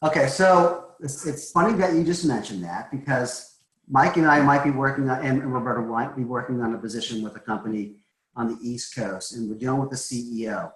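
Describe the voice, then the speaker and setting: A man's voice: mid-range voice, fairly quick, reverberant, low-quality recording. A man from Massachusetts coaching recruiters in a casual webinar, chatty and joking, with a schmoozing manner. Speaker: recruiting trainer.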